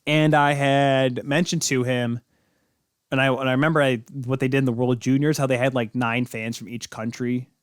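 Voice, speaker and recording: Male sports podcast host, mid-pitch, rambling and jokey, dry close mic. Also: little pitch movement, normal speed, clear, resonant tone, no echo. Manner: rambling, self-correcting, jokey. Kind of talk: casual sports talk.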